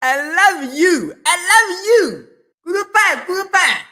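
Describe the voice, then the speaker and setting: A woman with a shrill voice, shouting and repeating short excited phrases in a played clip. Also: slow.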